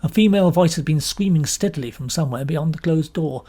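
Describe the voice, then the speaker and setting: A woman from London with a British accent, narrating an audiobook in an expressive, lively storytelling manner. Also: sits low, fast talker. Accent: British English. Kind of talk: scripted narration.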